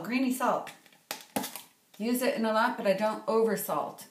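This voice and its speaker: A woman's voice: fairly high pitch, moderate pace, reverberant. A woman, a cookbook author chatting playfully through a casual cooking vlog and tossing in French words. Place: home kitchen.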